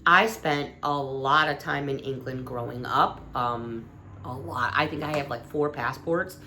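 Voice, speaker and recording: A woman's voice: rumbling low, steady tone, unhurried, bright, forceful tone, slight background noise. A woman vlogger from the United States chatting casually and gushing over a haul of British sweets. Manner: gushing, chatty, emotional about British treats. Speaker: vlogger showing a shopping haul. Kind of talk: casual chat.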